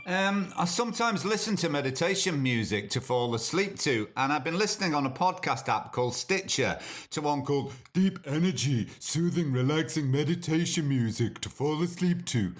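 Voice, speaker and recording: Sardonic, sweary podcast host. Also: male voice, a little high, animated, normal speed. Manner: sardonic and sweary, with many ums. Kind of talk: casual solo podcast chat.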